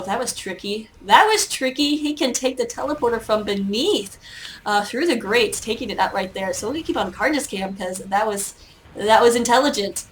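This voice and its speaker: A woman's voice: on the high side, a little hiss or hum. A woman giving solo play-by-play commentary on an online game match, chatty and self-mocking, with many hesitations and fillers. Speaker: esports caster.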